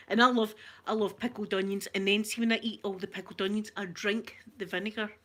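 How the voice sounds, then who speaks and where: A Scottish woman vlogger chatting casually with her viewers, talkative and quick to laugh at herself. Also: medium pitch, steady tone. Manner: chatty, laughs often, self-mocking. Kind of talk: casual live-stream chat.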